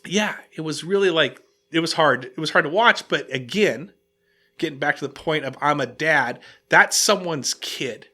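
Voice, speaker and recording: A man hosting a casual podcast, telling an animated story and restarting his sentences often. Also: fairly high pitch, moderate pace. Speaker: podcast host.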